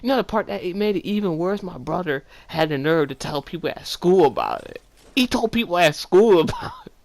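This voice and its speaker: Young man telling an animated story. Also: sits high, fairly quick, gravelly. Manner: animated, rambling, laughs while telling. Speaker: vlogger. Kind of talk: story time vlog.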